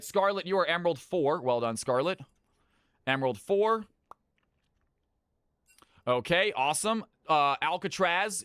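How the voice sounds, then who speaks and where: A man from California hosting his stream's viewer games, chatting casually with his viewers, brisk and swearing freely. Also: fairly high pitch, a bit bright, clear, resonant tone, no echo, studio quality. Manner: brisk, swears, talks to chat. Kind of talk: casual live-stream chat.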